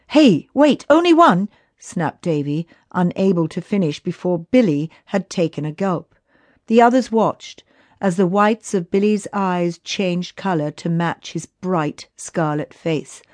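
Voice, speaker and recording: Slow, low-voiced woman narrator. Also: darkish tone, no room sound. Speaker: audiobook narrator. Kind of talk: children's audiobook narration.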